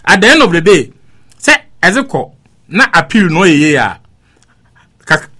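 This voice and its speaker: Man, Ghanaian accent, radio talk debate, high pitch, very lively intonation. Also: normal speed. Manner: emphatic, mixes English phrases into talk. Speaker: political commentator.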